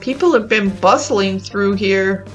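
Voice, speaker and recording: A woman hosting her own gaming channel, talking through a cozy life-sim game in a gentle, chatty and easily amused way. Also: mid-range voice, measured pace, muffled recording, faint music behind. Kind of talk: casual gameplay commentary.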